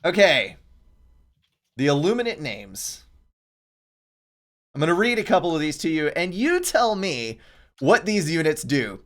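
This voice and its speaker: A man's voice: on the high side, big pitch swings, unhurried, pauses often, fairly bright tone. A man co-hosting a gaming podcast in casual chat, telling things with chuckles and animation.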